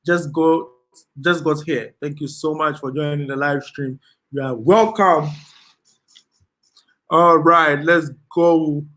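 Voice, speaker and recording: Slow-talking Ghanaian man hosting a live stream. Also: on the high side. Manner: slow, relaxed, laughs often, slips into Ghanaian Pidgin. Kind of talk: casual live stream chat, reading comments.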